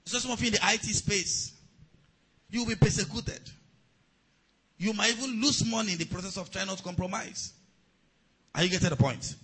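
A man preaching a sermon as a pastor, calling on the congregation to respond and rising to shouts. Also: high-pitched, a little fast, long pauses, husky, low-quality recording.

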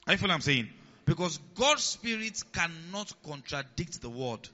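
A male pastor preaching a sermon, often asking the congregation if they follow and repeating key lines, swinging between loud emphasis and quiet asides. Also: on the high side, very animated, normal speed. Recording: long hall reverb, dull lo-fi sound.

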